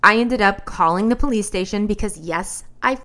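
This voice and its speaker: A woman host telling a personal story as commentary, in an animated, blunt and exasperated way. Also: mid-range voice, moderate pace.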